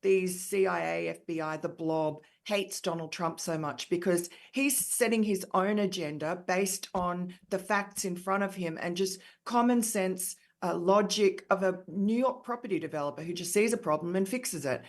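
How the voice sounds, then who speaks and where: A woman's voice: on the low side, normal speed, few pauses. A middle-aged Australian woman giving an emphatic interview answer, with many ums and you-knows. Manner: frequent fillers, emphatic. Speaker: author and columnist guest.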